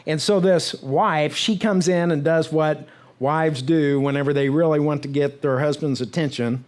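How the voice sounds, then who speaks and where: A pastor with a fairly high voice and fairly even intonation tells his sermon as a story in a church sanctuary. He checks in with frequent "right?" asides and briefly voices what the characters say in short bursts.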